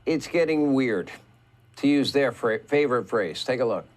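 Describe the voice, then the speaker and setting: A man's voice: medium pitch, expressive, normal speed. A man hosting political commentary, reading a scripted segment with emphatic, repetitive phrasing. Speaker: commentary host.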